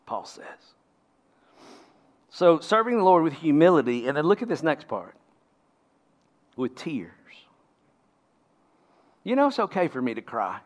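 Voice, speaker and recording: A man's voice: high voice, expressive, moderate pace, long pauses. A man preaching a sermon as a pastor, emphatic and often asking the congregation rhetorical questions.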